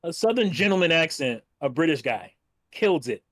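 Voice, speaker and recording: A man's voice: on the high side, sing-song, moderate pace, fairly bright tone, no echo. A man co-hosting a gaming podcast, chatting casually in a brash, profane way and laughing often. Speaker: podcast co-host. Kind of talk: casual chat.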